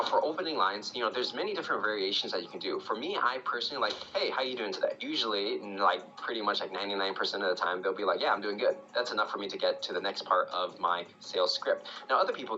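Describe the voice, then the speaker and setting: Fast, bright-voiced man coaching sales. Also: fairly low pitch, highs cut off. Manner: conversational, coaching, frequent "right?"; acts out sample phone calls. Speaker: sales trainer. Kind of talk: YouTube sales tutorial.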